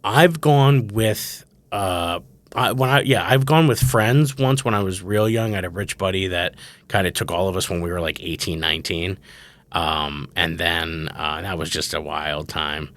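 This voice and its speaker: A man's voice: low-pitched, moderate pace. A man in his thirties hosting a podcast, chatting casually and telling comic stories, acting out the voices of the people he quotes. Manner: animated storyteller, acts out quotes. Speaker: podcast host. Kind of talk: casual comedic chat.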